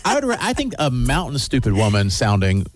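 Male co-host, casual and joking, animated delivery, faint music under. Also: mid-range voice, a little fast. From American South. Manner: lively, laughing, joking. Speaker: podcast co-host. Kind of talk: casual chat.

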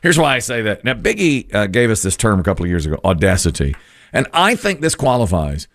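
A man's voice: lowish voice, brisk, no echo. A man hosting a radio show, chatting casually with his co-host, teasing and laughing as he tells stories. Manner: laughing, teasing, lively storytelling. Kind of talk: casual morning radio chat. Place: radio studio.

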